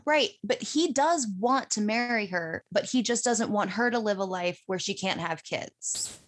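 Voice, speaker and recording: A woman co-hosting a podcast in casual chat, lively and quick to laugh. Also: medium pitch. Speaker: podcast co-host.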